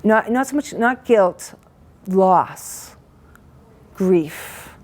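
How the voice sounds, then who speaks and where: A woman giving an emotional personal testimony about an event she attended. She talks in a halting, earnest way, full of restarts, and her voice is shaky with emotion. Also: mid-range voice, animated, darkish tone.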